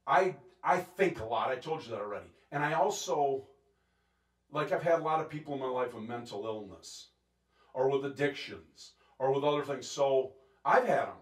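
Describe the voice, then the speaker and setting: A man preaching a sermon as pastor, intense and animated, acting out quotes and laughing between points. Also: medium pitch, normal speed, reverberant. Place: church sanctuary.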